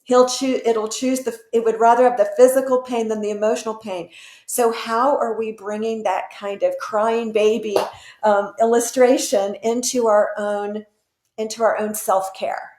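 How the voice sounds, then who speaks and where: A woman's voice: on the high side, fairly even intonation, moderate pace, a little mellow, roomy sound. A woman guest expert in an interview, explaining earnestly with examples.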